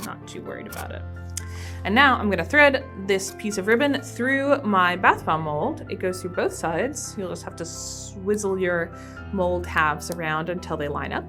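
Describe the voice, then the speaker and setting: A woman presenting a library teen craft tutorial, explaining each step in a friendly, casual way. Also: lowish voice. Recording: soft background piano music.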